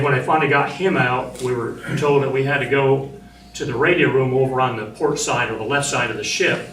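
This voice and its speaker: Older male ex-Marine, plain storyteller recalling combat; echoey room, distant mic. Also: mid-range voice. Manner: plain storytelling, shouting when retelling orders. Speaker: former Marine speaking as a survivor. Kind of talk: personal war testimony to an audience. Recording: roomy, distant mic, faint noise.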